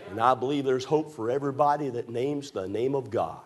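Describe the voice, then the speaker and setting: A man preaching a fervent sermon in a church, with a repetitive, rising cadence that climbs toward near shouts. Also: medium pitch, brisk. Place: church sanctuary.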